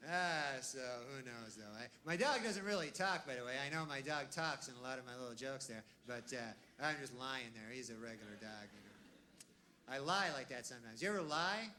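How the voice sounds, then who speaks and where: A man doing a stand-up comedy routine on stage, deadpan and rambling, tagging lines with "huh?" and "you know" and dropping low and quiet on asides. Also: brisk, slight background noise. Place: comedy stage before a live audience.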